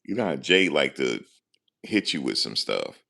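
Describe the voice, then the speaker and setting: A man's voice: rumbling low, sing-song, normal speed, vocal fry, bright, forceful tone. A man hosting a live stream, chatting casually and jokingly. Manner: loose, joking, talks back to chat. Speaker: livestream host. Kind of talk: casual commentary to live chat.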